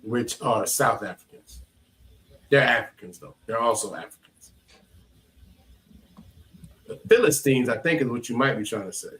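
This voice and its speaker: A man leading a scripture class as its teacher, encouraging students and laughing easily. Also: medium pitch. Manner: animated, encouraging, quick to laugh.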